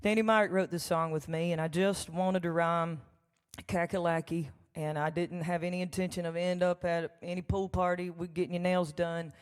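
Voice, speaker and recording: A woman's voice: fairly low pitch, a little mellow. Folksy woman chatting in a reverberant hall. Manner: chatty, folksy and joking, with laughs and asides to the crowd. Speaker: songwriter performing live. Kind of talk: storytelling between songs on stage. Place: large church hall with a live audience. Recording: long reverb of a large hall.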